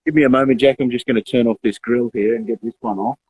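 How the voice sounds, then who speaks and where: A man's voice: mid-range voice, fairly even intonation, fast, a little mellow, slightly rough. A man co-hosting a live barbecue stream, chatting and laughing easily while he cooks. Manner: chatty, laughs often, talks while cooking. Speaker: co-host of a live barbecue show. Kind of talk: casual live-stream chat. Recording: thin phone-like audio with faint noise.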